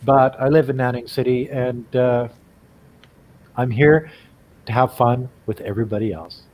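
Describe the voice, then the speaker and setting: A man's voice: medium pitch, fairly even intonation, normal speed, darkish tone. An older man from Canada, folksy and jokey in casual group chat as a guest.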